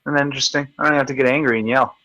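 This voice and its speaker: A man's voice: mid-range voice, fairly even intonation, rapid-fire, sharp tone, no echo, poor audio. Male livestream host, foul-mouthed and taunting, dry close sound. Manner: combative, profane, taunting. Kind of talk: ranting live video chat.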